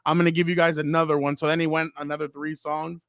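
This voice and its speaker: A man with a fairly high voice chats on a sports podcast. He tells stories with energy and acts out the people in them. The recording is dry and close to the mic. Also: fast talker, smooth, no echo. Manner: animated storyteller, acts out quotes. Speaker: podcast co-host. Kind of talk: casual chat.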